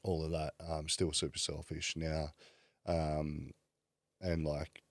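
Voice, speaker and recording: Deep-voiced man, candid and casual. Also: little pitch movement, slow, no echo. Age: 30s. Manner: casual, swears freely, many "like" fillers. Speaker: podcast guest. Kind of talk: candid personal storytelling.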